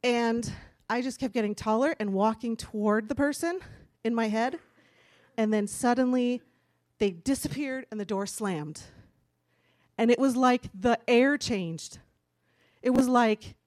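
A woman's voice: fairly high pitch, unhurried, long pauses, a little mellow, no room sound, studio quality. A woman giving a candid, chatty personal testimony from a church stage, laughing now and then as she talks. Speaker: speaker giving a church talk.

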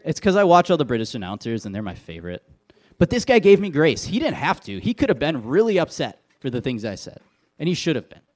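A man's voice: on the high side, very animated, fast talker, a little mellow. A middle-aged man from Wisconsin giving a sermon, telling stories with self-deprecating humor in an easy conversational way. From Wisconsin, USA. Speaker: pastor.

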